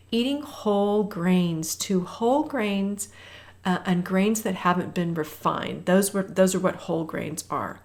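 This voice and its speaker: A health coach in her fifties leads a walking workout, chatting and calling out intervals as she walks. Her voice is fairly low, and she sometimes gets a bit out of breath.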